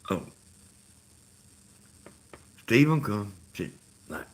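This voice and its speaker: A man's voice: low-pitched, animated, measured pace, pauses often, husky. A middle-aged man with a Georgia Southern accent talking casually and rambling on a live stream. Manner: meandering, full of "you know" and "like".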